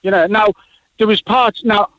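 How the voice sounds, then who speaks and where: A Liverpool man calls in to a radio phone-in and chats casually, rambling with lots of fillers and restarts. His voice is high and a bit bright, with fairly even intonation at a moderate pace, and the recording sounds dry and dull.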